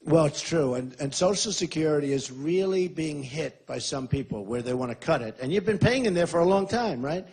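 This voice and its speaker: A man's voice: mid-range voice, a little mellow, slightly rough. A man in his sixties, a presidential candidate at a rally, answering questions in an emphatic, repetitive and boastful way. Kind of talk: campaign Q&A speech.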